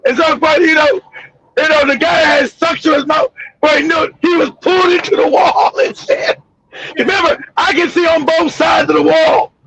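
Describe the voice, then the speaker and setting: A man hosting a livestream, telling a crude story in an animated, profane way with loud outbursts. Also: extremely high pitch, normal speed, low-quality recording. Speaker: host.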